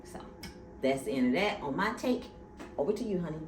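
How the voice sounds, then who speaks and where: A woman hosting a casual TV recap chat, telling the story in an animated, gossipy way. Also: sits low, fairly quick. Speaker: podcast host. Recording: echoey room with faint noise.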